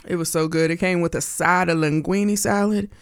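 A woman from Pennsylvania hosting a radio music show, chatty and bubbly, her pitch and pace jumping around as she talks. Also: fairly even intonation, normal speed, clear, resonant tone, no echo. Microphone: studio mic. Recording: dry studio sound.

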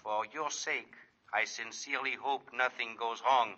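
A man's voice: medium pitch, fairly even intonation, a little slow, over loud music, lightly acted. An actor playing a secretive, insistent man giving clipped, formal instructions, in 1940s radio acting. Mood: urgent. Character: secretive insistent male jewel-deal contact. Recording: muffled old radio recording.

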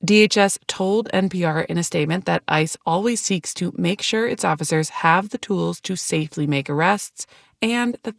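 A woman reporter reading a scripted news story in a measured, even way. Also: fairly low pitch, creaky, no room sound, studio quality.

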